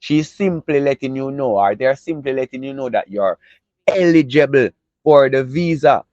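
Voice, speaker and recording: A Jamaican man hosts an entertainment news roundup, talking in animated, chatty patois and tossing in catchphrases as he goes. His pitch sits in a middle range. The recording is dry and slightly muffled. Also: normal speed, dry recording. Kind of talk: casual news vlog narration in patois.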